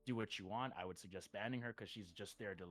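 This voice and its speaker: A man's voice: lowish voice, fast talker, fairly bright tone, soft background music. A man streaming, telling stories in casual chat, rambling with lots of "like" and chuckling between sentences. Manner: rambling storytelling full of "like".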